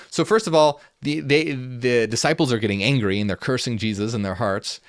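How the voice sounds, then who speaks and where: A man's voice: mid-range voice, no room sound. Earnest man explaining old texts, dry sound. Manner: earnest, repeats himself, with restarts and fillers; switches between reading passages aloud and casual paraphrase. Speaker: channel host. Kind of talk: unscripted talk reading and explaining ancient texts.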